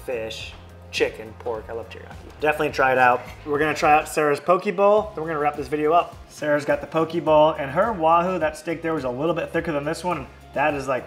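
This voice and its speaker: A man's voice: mid-range voice, fairly bright tone. A man hosting a casual home cooking vlog, chatting easily and explaining each step as he cooks. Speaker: family fishing channel host. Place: home kitchen.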